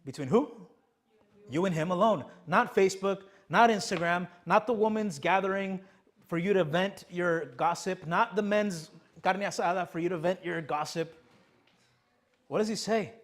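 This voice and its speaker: A young male pastor delivers a sermon, his voice sitting a little high. He presses his points repeated rhetorical questions and answers them himself. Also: normal speed. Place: church sanctuary.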